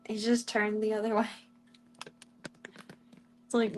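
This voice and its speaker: A woman streaming casually, chatting to viewers and cooing baby talk to tiny animals in a soft, playful way. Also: fairly high pitch, level tone, moderate pace, pauses often. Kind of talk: casual live-stream chat.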